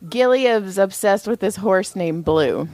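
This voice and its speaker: A woman's voice: medium pitch, lively intonation, unhurried, a little mellow, dry recording. A woman co-hosting a podcast, chatting bluntly with profane, teasing banter. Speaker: podcast co-host. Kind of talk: casual chat.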